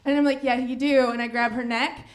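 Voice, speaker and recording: A woman's voice: sits high, little pitch movement, a little fast. A woman comedian telling a rambling, self-mocking story on stage, often breaking into giggles. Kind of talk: live storytelling stand-up.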